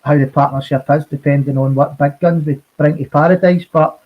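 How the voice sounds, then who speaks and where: A man guesting on a football podcast, talking in a halting way with lots of repeated words and swearing. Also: on the high side, fairly even intonation. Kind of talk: casual football podcast chat. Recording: dull lo-fi audio.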